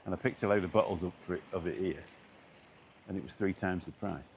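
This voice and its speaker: A middle-aged man with a deep, low-pitched voice talks casually to his live-stream viewers. He rambles, restarts his sentences and fills gaps with ums. He is recorded on a phone outdoors, with a faint hiss of noise behind him. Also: fast. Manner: rambling, chatty, many fillers and restarts. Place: outdoors on a beach walk.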